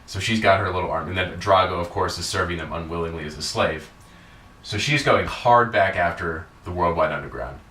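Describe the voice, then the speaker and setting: A man with a low, pushed, bright voice talks a little fast, casually recapping a wrestling show on his podcast. He rambles with lots of fillers and swearing, and the mic sounds distant in an echoey room.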